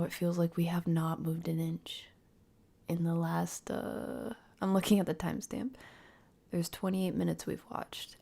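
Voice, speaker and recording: A woman streaming a live reaction, often dropping into soft whispered asides and laughing between remarks. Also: mid-range voice, gravelly.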